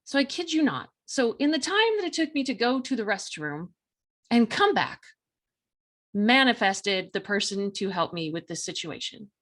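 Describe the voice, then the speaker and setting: A woman hosting a talk show, telling a personal story in a chatty, animated way, full of fillers and quoted self-talk. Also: a little high, normal speed. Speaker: podcast host.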